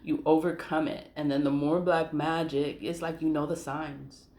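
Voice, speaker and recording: A woman's voice: low voice, little pitch movement, moderate pace, a little mellow, reverberant. A woman casually telling a personal story, blunt and profane, who laughs often and repeats the phrases she wants to stress. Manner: emphatic repetition of key phrases.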